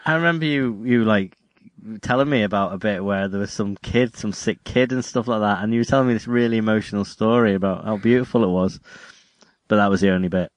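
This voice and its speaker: A man's voice: on the low side, fairly quick, no room sound. A man co-hosting a casual chat, making dry, teasing remarks. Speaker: podcast co-host.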